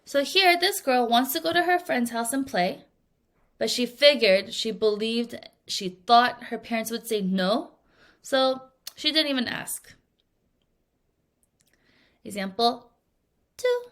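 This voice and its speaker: A young woman with a slightly high voice leads a recorded English vocabulary lesson. Her delivery is clear and deliberate, and she often slips into playful voices to act out little scenes. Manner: lively, acts out little scenes with character voices. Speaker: English teacher.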